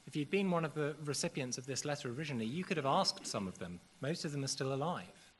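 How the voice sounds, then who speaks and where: A man preaching a sermon in a church service, earnest and measured, with occasional fillers. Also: fairly high pitch, lively intonation, slight background noise.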